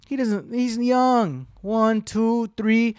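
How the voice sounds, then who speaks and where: A man's voice: very high voice, fairly even intonation, extremely slow, clean tone, no echo, clean studio sound. A man hosting his own podcast, telling a rambling, heavily profane story and acting out what people said. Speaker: podcast host. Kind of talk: casual storytelling monologue.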